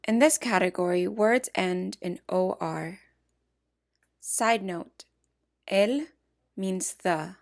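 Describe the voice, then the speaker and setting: A woman narrating a scripted language lesson with clear, measured explanations. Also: medium pitch. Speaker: language teacher.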